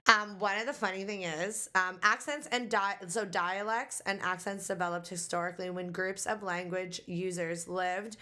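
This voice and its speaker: A woman's voice: medium pitch, steady tone, moderate pace, few pauses, bright, forceful tone. A woman co-hosting a casual chat podcast, rambling and filling her sentences with "like". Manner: chatty, rambling with many "like"s. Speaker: podcast co-host.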